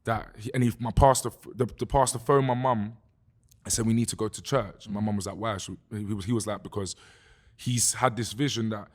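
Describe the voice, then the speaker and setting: A young man with a London accent tells his story in a loose, animated podcast chat. He swears freely and keeps dropping "bruv" as he goes. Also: on the low side, a little fast. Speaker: guest musician.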